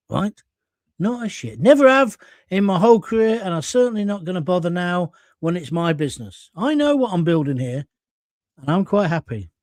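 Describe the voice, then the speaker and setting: A middle-aged English man hosts a casual live stream, reading viewer comments aloud and answering them bluntly. He swears freely and speaks in a fairly high voice, recorded close on a dry mic. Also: very animated, fairly quick, a little mellow, no room sound.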